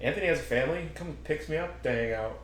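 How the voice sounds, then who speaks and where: A young man hosts a podcast, rambling through casual stories packed with swearing and acted-out quotes. His slightly high voice races along, and the recording has a roomy echo with slight background noise.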